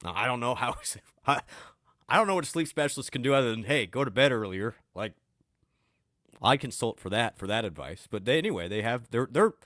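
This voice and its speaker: A man co-hosting a sports podcast in casual chat, upbeat and teasing, with quick asides. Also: mid-range voice, lively intonation, a bit bright, dry recording, studio quality. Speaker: podcast co-host, team beat reporter.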